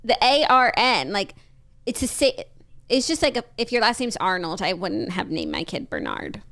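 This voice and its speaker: A woman's voice: mid-range voice, big pitch swings, normal speed, gravelly, fairly bright tone. A young woman co-hosting a podcast, chatting casually with easygoing, wry reactions. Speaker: podcast co-host. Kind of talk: casual chat.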